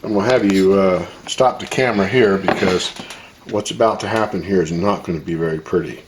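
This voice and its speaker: A deep-voiced man runs a laid-back home cooking demo, talking casually as he works. He is chatty and quick to laugh off his own mistakes. Soft clatter of cutlery and dishes sits faintly behind him in the kitchen. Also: noisy background. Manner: relaxed, chatty, self-deprecating. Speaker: home cooking show host.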